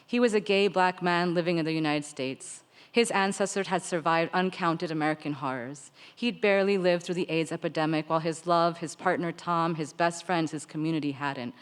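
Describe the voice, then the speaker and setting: A woman author reading her own fiction aloud, in an expressive way with light laughter. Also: lowish voice, normal speed, hardly any pauses, clean tone. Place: literary seminar stage. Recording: long reverb of a large hall.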